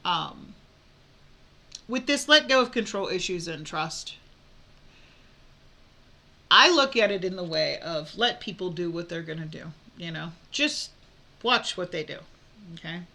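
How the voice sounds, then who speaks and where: A woman's voice: fairly low pitch, animated, unhurried, creaky, pauses often, pushed and bright. A woman giving a casual tarot reading, talking frankly with many fillers and restarts. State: hiccups. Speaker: tarot reader.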